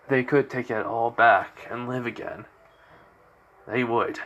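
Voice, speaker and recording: A man's voice: medium pitch, fairly even intonation, takes it slowly, fairly bright tone, muffled recording. A man improvising a fan-fiction story aloud, rambling with many fillers and self-corrections.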